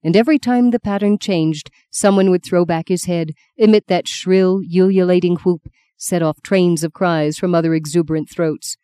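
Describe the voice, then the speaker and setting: A woman reading a novel aloud as an audiobook narrator, in a lyrical, measured storytelling manner. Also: fairly low pitch, dark tone, clear, resonant tone, no echo, clean studio sound. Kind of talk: scripted narration.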